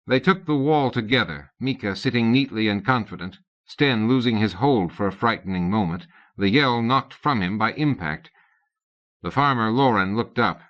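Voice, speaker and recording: Steady and measured, a man works through scripted audiobook narration, going up in pitch to voice the characters. The audio is dull lo-fi cassette quality.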